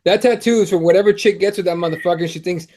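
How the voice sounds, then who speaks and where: A man's voice: high voice, quick pace, darkish tone, slight background noise. A man hosting a sports podcast in casual, profane, joking chat. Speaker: podcast host.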